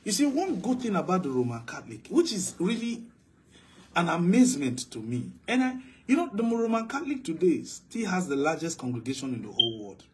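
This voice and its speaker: A man preaching with real force, his voice pitched a little higher than most men's. He builds to loud, emphatic declarations and then drops to low, quiet asides, as a pastor working through a sermon. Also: big pitch swings, a little fast, a little hiss or hum.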